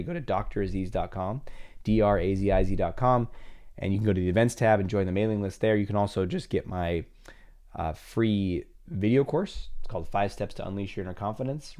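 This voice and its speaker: Man, low voice, middle-aged, casual podcast talk, acts out little dialogues. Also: fast talker. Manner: conversational, acts out imagined dialogues with lively pitch jumps. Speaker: podcast host and therapist.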